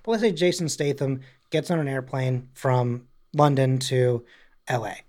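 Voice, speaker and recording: A man's voice: mid-range voice, unhurried, darkish tone. A man co-hosting a podcast in casual chat, rambling through stories with many fillers. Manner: rambling storyteller, slips into mock voices and quotes. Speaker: podcast co-host.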